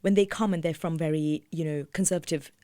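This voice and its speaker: A woman doctor hosting a podcast, chatting casually and chiming in eagerly with quick agreement. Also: low-pitched, steady tone, no room sound, studio quality. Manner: warm, eager listener with quick agreeing interjections and laughter. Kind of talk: casual interview chat.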